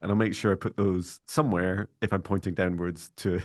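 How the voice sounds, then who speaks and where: A man hosting a podcast in a calm, monotone voice, chatting reflectively and then leading a slow guided meditation. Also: deep voice, no room sound, studio quality. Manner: calm, reflective, speaks in slow measured phrases when guiding breathing. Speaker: podcast host.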